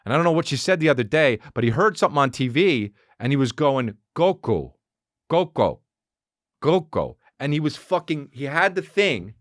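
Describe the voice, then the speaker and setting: Profane, animated man ranting on a podcast. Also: quick pace, few pauses, no echo, studio quality. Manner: profane, animated, riffs into mocking high-pitched character voices. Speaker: podcast host. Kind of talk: solo comedic podcast rant.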